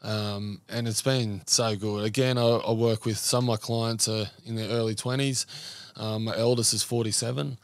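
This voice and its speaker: An Australian man who works in men's mental health support appears as a podcast guest in a casual conversational interview, earnestly rambling through stories with lots of fillers. His voice is lowish with fairly even intonation at normal speed. The studio-quality recording has no room sound.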